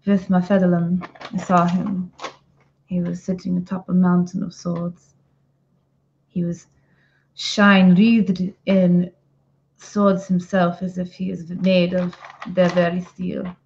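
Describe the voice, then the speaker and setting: A woman's voice: lowish voice, flat delivery, takes it slowly, gravelly, long pauses, a little mellow, a little hiss or hum. A woman voicing a grave woman dragon hunter who speaks in a solemn, formal, old-fashioned way, over lo-fi call audio.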